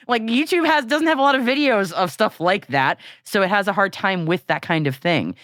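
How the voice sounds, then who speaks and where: A woman co-hosting a podcast in casual chat, animated and laughing often, with frequent restarts. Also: mid-range voice, normal speed, no echo, studio quality. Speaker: podcast co-host.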